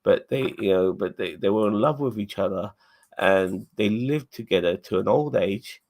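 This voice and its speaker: Low-voiced guy co-hosting a live show review, gets emotional, lots of restarts. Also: darkish tone. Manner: emotional, halting with many restarts. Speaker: podcast co-host.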